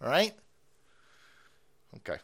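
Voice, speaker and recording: A man hosting a stream, ranting in a foul-mouthed, mocking way, often laughing and jumping up in pitch when excited. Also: takes it slowly. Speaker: streamer and host. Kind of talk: profane ranting commentary stream.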